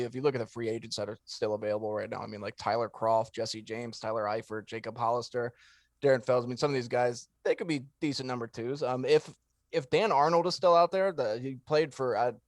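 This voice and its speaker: A man co-hosting a casual sports podcast, joking around in a quick, loose way. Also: mid-range voice, dry recording, clean studio sound. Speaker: podcast co-host.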